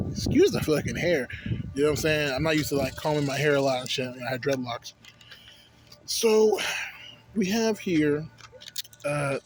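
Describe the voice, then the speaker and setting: A man's voice: fairly high pitch, noisy background. A young man casually reviewing a vape on his vlog, rambling and swearing through digressions. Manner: profane, rambling, digressive storytelling.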